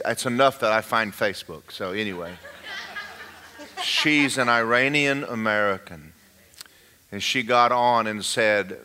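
A man's voice: lowish voice, sharp tone, clean tone. An older man, a pastor giving a folksy, rambling informal sermon talk. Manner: folksy and rambling, often restarting.

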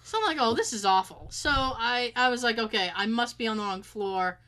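A woman's voice: fairly high pitch, normal speed, pushed and bright, smooth. A woman casually telling a story and acting out the quotes, swearing freely.

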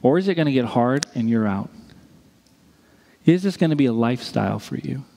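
A male pastor preaching a sermon in a lively way, with joking asides and acted-out quotes. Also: medium pitch, a little fast, gravelly. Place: church sanctuary. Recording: long reverb of a large church hall.

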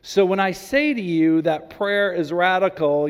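A man preaching a sermon as a pastor, animated when he acts out his stories and slowing right down for emphasis. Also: sits high, clean tone. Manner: animated storytelling, acts out the people in his story; slows down and drops to near whisper for emphasis. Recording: long hall reverb.

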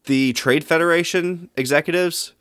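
A man's voice: a little high, normal speed, a bit bright, clear, resonant tone, no echo, clean studio sound. A man co-hosting a casual movie podcast, sharing easygoing opinions. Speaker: podcast co-host.

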